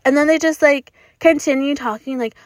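A young woman records a solo podcast episode from inside her car. Her voice sits a little high, and she talks bluntly, swears freely and laughs often. The sound is dry and close, with no room echo. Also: normal speed. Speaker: podcast host.

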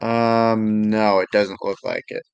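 A man chatting casually about a sports league, hesitant and unhurried, with frequent ums and restarts. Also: lowish voice, level tone, vocal fry, smooth, highs cut off.

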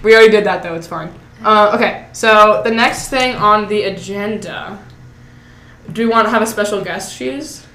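A woman's voice: medium pitch, moderate pace, sharp tone. A teenage girl hosting a casual podcast, chatting and giggling with friends. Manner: giggly, mumbles asides. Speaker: podcast host. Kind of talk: casual chat. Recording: echoey room with chatter.

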